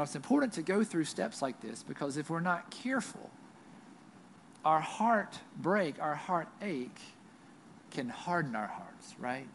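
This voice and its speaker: Man, Southern US accent, pastor, conversational sermon, slightly high voice, faint room ambience. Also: vocal fry, slight background noise. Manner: conversational preaching, frequent tag "right?". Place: church.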